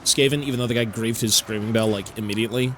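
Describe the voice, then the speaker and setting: A man with a fairly low voice chats casually while streaming a game. His commentary is relaxed and offhand, loose with fillers. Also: fast, crowd noise.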